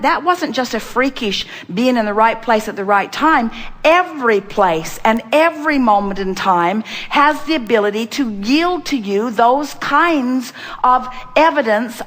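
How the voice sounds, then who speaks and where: A woman's voice: a little high, a bit bright. A woman giving an inspirational seminar talk. She speaks emphatically, talks of herself as "we", and slips into chanted repetitions. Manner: speaks as a collective "we". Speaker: spiritual teacher speaking to a seminar audience.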